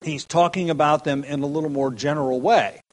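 A man's voice: on the high side, fairly even intonation, brisk, poor audio. Man preaching a verse-by-verse sermon. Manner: explanatory, repeats key phrases for emphasis. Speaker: pastor. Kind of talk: expository sermon.

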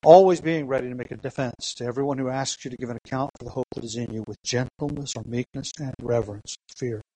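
A man's voice: medium pitch, fast talker, mellow, no echo, poor audio. A man preaching a sermon, teaching earnestly with rhetorical questions and emphatic repetition, reading scripture aloud. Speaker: pastor.

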